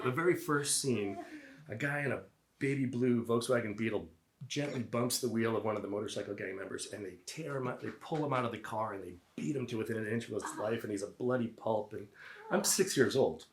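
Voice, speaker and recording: Brisk, wry storyteller in his fifties, lowish voice, roomy live-venue sound. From Boston area, US. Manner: wry, self-deprecating, conversational.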